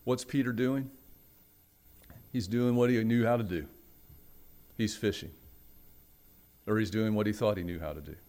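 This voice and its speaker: A man preaching a sermon, telling a story with dramatic swings from loud, raised passages to hushed ones and acting out the voices in it. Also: fairly low pitch, fairly even intonation, normal speed, pauses often. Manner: acts out the quoted voices in the story. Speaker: pastor.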